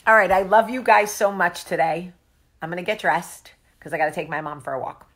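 A woman's voice: on the low side, fairly even intonation, brisk, a bit bright. A woman, chatting casually and profanely as a vlog host. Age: 40s. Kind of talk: casual chat.

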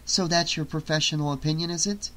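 A man's voice: fairly high pitch, fairly even intonation, sharp tone. A man voicing a defiant, impatient young woman in an audiobook, arguing and pleading in turn. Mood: sharp. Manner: pleading then snapping, quick to argue. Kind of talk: audiobook character voice.

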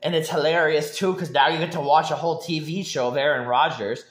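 A young sports vlogger rants casually about football, rambling with many restarts and heated outbursts, bursting into shouting and laughter. His voice is a little high with a steady tone, and he talks fairly quickly.

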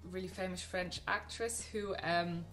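A woman's voice: fairly low pitch, fairly even intonation, measured pace, a bit bright, soft background music. A young woman casually talking about favourite films, chatty and gushing, with frequent ums and restarts. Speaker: film vlogger. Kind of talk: casual film recommendations to camera.

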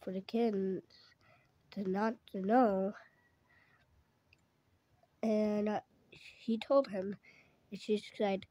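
A woman's voice: medium pitch, fairly even intonation, extremely slow, pauses often, mellow, no echo. A woman telling an improvised story in a rambling way, often stopping to correct herself.

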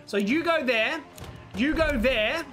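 A woman hosting a let's play, thinking aloud as she plays, excitable and swearing freely. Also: high-pitched, takes it slowly, music in the background. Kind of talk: gameplay commentary.

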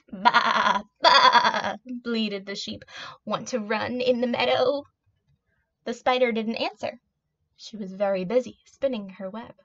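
A preschool teacher, a woman, reading a picture book aloud to young children in a gentle, expressive, child-directed way. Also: high-pitched. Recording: dull lo-fi audio.

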